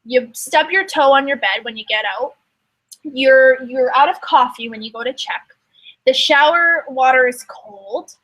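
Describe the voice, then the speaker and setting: A young woman coaching in a casual motivational talk, animated and emphatic, acting out quoted inner voices. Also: sits high, unhurried, poor audio. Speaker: network marketing coach.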